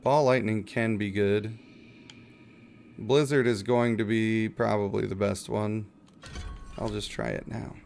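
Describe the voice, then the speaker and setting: A man's voice: lowish voice, fairly even intonation, unhurried, vocal fry, pauses often, a little mellow, slight background noise. A man streaming a game, chatting casually and rambling in a wry, self-mocking way while reading chat.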